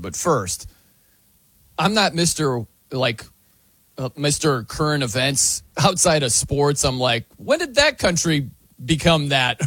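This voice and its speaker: A man's voice: medium pitch, fairly bright tone, dry recording. An American man hosting a sports talk show, emphatic and full of rhetorical questions.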